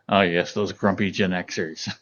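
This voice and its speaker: A man's voice: low-pitched, husky, muffled recording. A man streaming, chatting casually and telling a story to his viewers, laughing often. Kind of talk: casual chat with chat readers.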